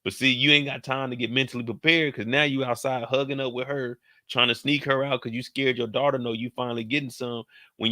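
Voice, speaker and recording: Recapping a show, this young show commentator riffs in a casual, profane way and slips into the characters' dialogue, his mid-range voice bright and forceful. It's animated recap commentary, captured close and dry with no room sound at all.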